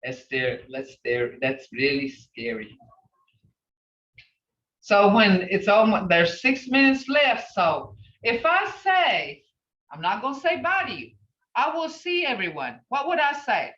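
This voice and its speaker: Woman language teacher, slow and patient, repeats words, heard distant over a computer mic. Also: mid-range voice, very animated, a bit bright. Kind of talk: online language class. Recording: roomy, distant, dull lo-fi sound.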